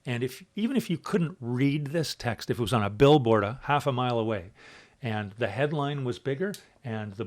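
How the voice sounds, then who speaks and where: A man lecturing a university writing class in a casual, chatty way, full of fillers and asides, shifting loudness and pitch for emphasis.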